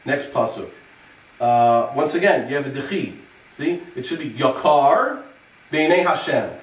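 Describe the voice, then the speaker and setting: A rabbi explaining the cantillation of verses in a relaxed lesson, pausing to chant phrases as examples. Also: male voice, mid-range voice, distant mic. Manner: explains slowly, then chants phrases to demonstrate. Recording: echoey room, voice from off-mic.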